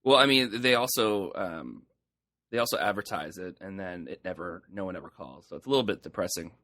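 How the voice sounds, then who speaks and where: Young male co-host, lowish voice, dry sound, deadpan and wry. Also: a little fast, dry recording. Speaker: podcast co-host. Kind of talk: casual chat.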